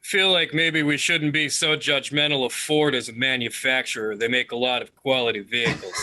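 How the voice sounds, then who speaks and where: A man's voice: mid-range voice, fairly even intonation, a little fast, pushed and bright, no echo. A man playing in a tabletop game and cracking dry jokes. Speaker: player.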